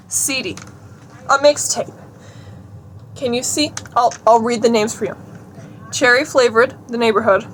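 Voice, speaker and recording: A woman's voice: a little high, a little slow, pauses often, slight background noise. A young woman chatting casually in a vlog, giggly and talkative, reading items aloud. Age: young adult. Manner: chatty, giggly, reads out a list. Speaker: vlogger.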